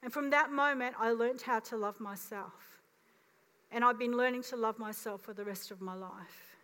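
High-voiced woman pastor in a reverberant church. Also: moderate pace. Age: 50s. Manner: animated storytelling, acting out voices. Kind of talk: sermon. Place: church auditorium. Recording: long reverb of a church hall.

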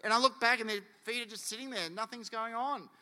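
A man preaching a sermon, animated and acting out quotes and stories. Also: very high-pitched, fairly quick. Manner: animated, acts out quotes and anecdotes. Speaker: pastor. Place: church hall. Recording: long church hall reverb.

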